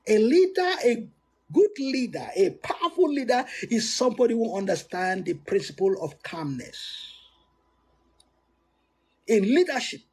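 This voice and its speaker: A man with a very high, husky voice gives a motivational talk. He swings widely in pitch, stresses points with sudden lifts, and restarts his sentences often. Laughs slip in between his points. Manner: animated and emphatic, with sudden swoops and frequent restarts. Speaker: motivational speaker.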